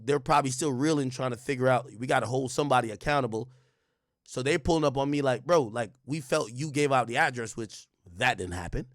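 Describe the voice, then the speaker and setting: A man's voice: medium pitch, no room sound, clean studio sound. A young man livestreaming, telling a story to his chat in a casual, profane way and acting out the back-and-forth with quoted voices. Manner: animated, reenacts exchanges with quoted voices; casual and profane, frequent restarts. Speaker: streamer.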